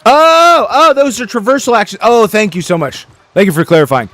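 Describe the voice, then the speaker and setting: A man giving casual, excitable commentary while playing a game, joking and talking to himself and the game. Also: high voice, fairly quick, no room sound. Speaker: gameplay streamer.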